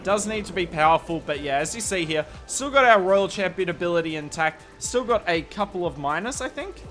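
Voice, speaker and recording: A man's voice: sits high, expressive, a little fast, fairly bright tone, faint music behind. A young man with an Australian accent commentating a game replay in a chatty, candid way with self-deprecating asides. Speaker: strategy video commentator.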